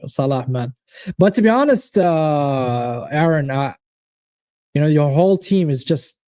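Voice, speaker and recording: A man's voice: a little high, darkish tone, no echo, studio quality. A man hosting a live football watchalong, chatting casually and animatedly with viewers, swearing and calling them by name. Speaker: watchalong host. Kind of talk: casual live-stream chat.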